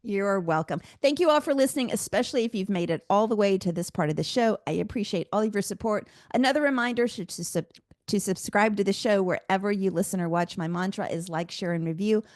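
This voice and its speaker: A woman's voice: medium pitch, fast talker, a little mellow, no echo, studio quality. A woman hosting a podcast, asking interview questions in an upbeat way and laughing often. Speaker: podcast host. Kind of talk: casual interview.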